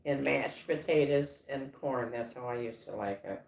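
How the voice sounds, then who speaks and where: A woman co-hosting a casual livestream chat, rambling with halting restarts and fillers. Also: a bass voice, creaky, a little mellow. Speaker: livestream co-host. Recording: echoey room.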